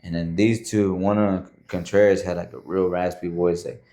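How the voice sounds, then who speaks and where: A man with a very low, deep voice speaks as a guest on a podcast. He tells his story casually and loosely, with plenty of fillers and a habit of saying "man" and "bro". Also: flat delivery, normal speed, dark tone.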